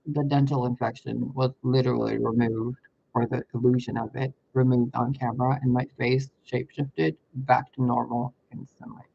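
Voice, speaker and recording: A man casually telling a story to camera, animated and profane, laughing often as he talks. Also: medium pitch, moderate pace, creaky, lo-fi sound, slight background noise. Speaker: spiritual vlogger.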